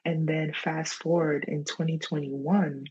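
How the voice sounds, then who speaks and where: A woman with a New York accent carrying a Ghanaian touch, a guest telling her story in a casual interview, chatty and quick to laugh. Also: low voice, little pitch movement, a little mellow, breathy edge, muffled recording. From New York (the Bronx). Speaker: guest, entrepreneur.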